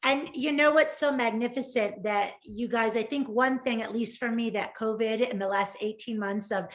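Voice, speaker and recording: Woman co-host, slightly high voice, effusive storyteller. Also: normal speed. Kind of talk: live shopping broadcast.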